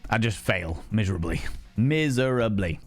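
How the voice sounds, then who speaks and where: A man chatting casually with viewers as a livestream host, playful and theatrical, swearing freely and swinging between shouts and hushed asides. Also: medium pitch, expressive, moderate pace, soft background music.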